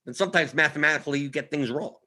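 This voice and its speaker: A man hosting a fantasy sports strategy show, walking through picks on a shared screen. He talks with animated energy, restarting and repeating words as he goes, in a voice that sits slightly high for a man. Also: very fast. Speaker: fantasy sports analyst host.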